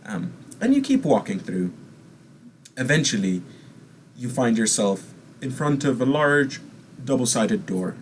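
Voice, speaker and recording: A man narrating a tabletop game as game master, describing scenes at an unhurried pace with frequent fillers. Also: mid-range voice, big pitch swings, a little hiss or hum.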